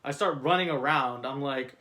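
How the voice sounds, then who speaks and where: A man's voice: medium pitch, normal speed, sharp tone. A man telling an absurd story in a casual, rambling way, piling on fillers and mock-dramatic emphasis, often restarting mid-sentence. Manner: frequent self-corrections and restarts. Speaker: storyteller reading his own script.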